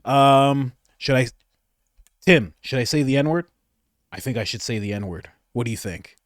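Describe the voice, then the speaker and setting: A man's voice: medium pitch, a little slow, no room sound, studio quality, voice pushed down, close to an everyday voice. A man doing a hesitant, mocking impression of a nervous woman politician fumbling on stage. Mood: flustered.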